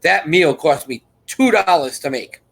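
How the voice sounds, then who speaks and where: A man's voice: fairly high pitch, expressive, unhurried, vocal fry, a bit bright, breathy edge, poor audio. A man hosting a live chat, telling a rambling story and acting out other people's lines. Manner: rambling and repetitive, restarts sentences; acts out others' lines in quoted voices.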